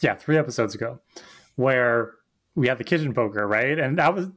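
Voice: mid-range voice, animated, normal speed, a bit bright. Joking podcast co-host. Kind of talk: casual chat.

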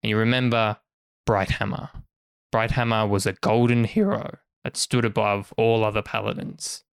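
A man narrating a tabletop game as game master, in a relaxed, casual way. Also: on the low side, moderate pace, creaky, smooth, dry recording.

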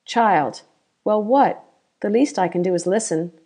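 A woman's voice: medium pitch, unhurried, dark tone, natural voice. A woman voicing a boastful drunken bandit chief. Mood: scornful.

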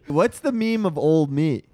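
A man's voice: high voice, warm tone, no echo. A man co-hosting a comedy podcast, goofy and laughing often. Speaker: podcast co-host. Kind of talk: casual comedy chat.

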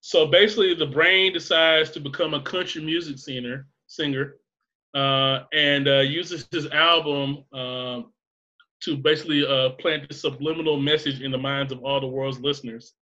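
A man's voice: on the high side, steady tone, moderate pace, bright, forceful tone, lo-fi sound. A man rambling through a casual chat, laughing often and swearing freely.

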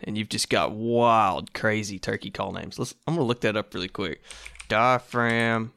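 Male solo podcast host, low gravelly voice, unhurried and rambling, dry close sound. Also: bright, forceful tone, dry recording. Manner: rambling, laid-back, self-amused.

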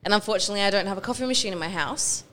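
A woman's voice: mid-range voice, racing, fairly bright tone, a little hiss or hum. A young woman, co-hosting a podcast, teasing and self-deprecating in casual chat. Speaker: podcast co-host.

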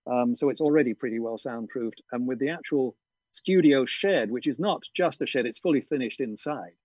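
A man with a breathy, husky voice talks things through carefully, often pausing and restarting. The sound is dry and lo-fi, like a video-call feed. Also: mid-range voice, dry recording. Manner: thoughtful, hesitant, with many ums and restarts. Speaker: audiobook narrator. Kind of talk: interview over video call. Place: garden studio shed.

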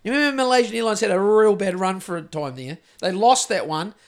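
A man's voice: sits high, fast. A man with a New Zealand accent hosting a podcast, rambling through casual chat, swearing and joking as he goes. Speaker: podcast host.

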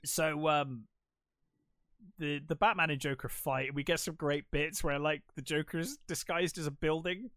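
A young man chatting casually about a film on a podcast, excitedly walking through the plot and filling gaps with "um" and "uh." His voice sits slightly high, and it is recorded close and dry with no room sound. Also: a little slow, no room sound. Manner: enthusiastic, retells plot with many fillers. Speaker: podcast co-host. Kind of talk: casual film review chat.

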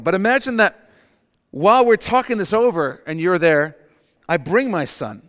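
A man preaching a sermon as pastor, swinging between forceful rises and quiet, emphatic drops. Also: high voice, expressive, normal speed. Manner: dynamic preaching, dropping to quiet emphasis and rising for acted quotes. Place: church sanctuary. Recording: long hall reverb.

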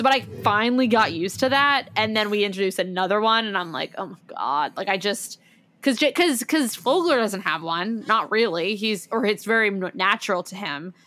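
A woman co-hosting a podcast in casual chat, talking in an animated, enthusiastic way. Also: mid-range voice, a little hiss or hum. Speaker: podcast co-host.

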